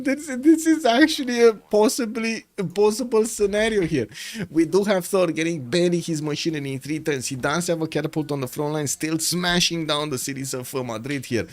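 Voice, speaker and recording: A man's voice: on the high side, lively intonation, moderate pace, faint music behind. A man giving live-stream commentary on a strategy game, chatty and playful, laughing often and talking to his chat from indoors.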